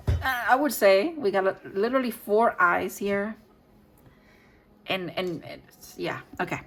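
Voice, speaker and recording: A woman giving a casual tarot reading to viewers. She thinks out loud, restarts and corrects herself often, and laughs softly now and then. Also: medium pitch, animated, normal speed, rough recording. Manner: frequent soft laughter. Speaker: tarot reader.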